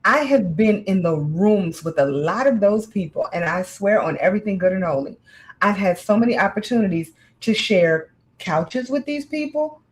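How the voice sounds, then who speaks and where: A woman in casual chat, telling a candid personal story with animated, frank delivery. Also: medium pitch, moderate pace, poor audio.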